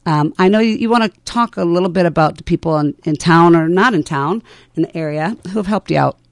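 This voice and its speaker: A radio host asks encouraging questions in a gravelly voice, with a middle pitch. The sound is dry and close in a studio. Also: fairly quick, dry recording. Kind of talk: interview.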